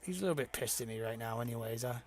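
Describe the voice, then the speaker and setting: A man's voice: mid-range voice, lively intonation, rapid-fire, pitched below the performer's own voice, close to an everyday voice. A man, the game master, playing a boastful, crude male bagpiper who talks in a rambling, hesitant way. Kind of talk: tabletop role-play voice.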